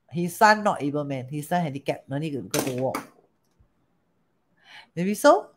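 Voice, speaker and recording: A woman with a Singaporean accent teaching a lesson, animated, often asking rhetorical questions and switching languages. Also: on the low side, normal speed, pauses often. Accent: Singaporean English. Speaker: teacher of Chinese metaphysics. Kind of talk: storytelling lesson.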